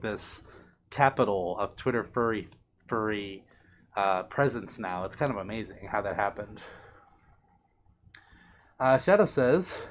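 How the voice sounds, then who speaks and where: A man's voice: mid-range voice, slight background noise. A young man hosting a casual livestream, reading out viewer comments and answering them in a chatty, affectionate, playful way. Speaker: livestream host.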